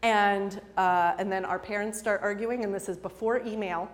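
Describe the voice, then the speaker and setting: A woman in her twenties spins a personal story before an audience, chatty and self-deprecating, with frequent laughs and many fillers. Her voice sits at a middle pitch for a woman. A long reverb trails every line, as in a lecture hall. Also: steady tone, moderate pace. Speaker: storyteller and improv performer.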